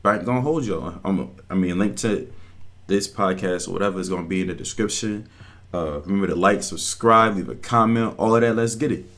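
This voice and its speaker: A man's voice: low-pitched, brisk, fairly bright tone. A man hosting his own reaction channel, talking casually in slang and cutting in over a podcast clip.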